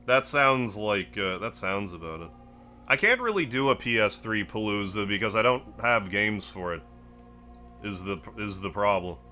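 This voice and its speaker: A man's voice: on the low side, moderate pace. A man streaming a game, chatting casually, greeting viewers and musing aloud as he plays. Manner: relaxed, rambling, greets chat, muses aloud. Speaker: gaming live streamer. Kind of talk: casual gameplay stream chat.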